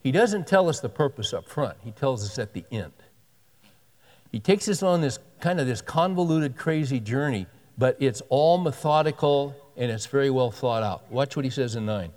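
A man's voice: mid-range voice, animated, normal speed, darkish tone. A man preaching a sermon in an earnest, conversational way, often repeating and restarting his phrases. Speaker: pastor. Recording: long hall reverb.

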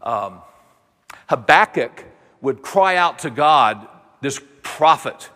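A man preaching a sermon, animated and voicing the people in his story with dramatic quotes. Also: mid-range voice, slow. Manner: animated, voices the prophet and God in dramatic quotes. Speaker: pastor. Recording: long reverb of a large hall.

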